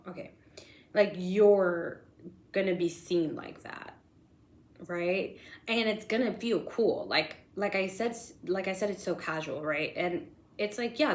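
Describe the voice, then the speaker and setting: A young woman giving a casual tarot reading, talking excitedly and rambling with lots of slang and fillers. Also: on the low side, roomy sound. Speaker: tarot reader.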